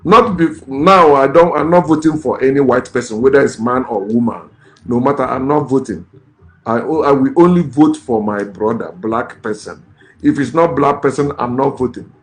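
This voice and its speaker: A man's voice: medium pitch, normal speed. A man, a vlogger giving ranting, scornful political commentary in a blunt way. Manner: blunt, scornful, repeats curses.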